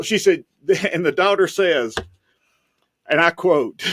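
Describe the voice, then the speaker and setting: A man's voice: a little high, slow, long pauses, fairly bright tone, no echo, studio quality. A man, a private investigator, telling stories on a podcast in a rambling casual way, often repeating words as he goes.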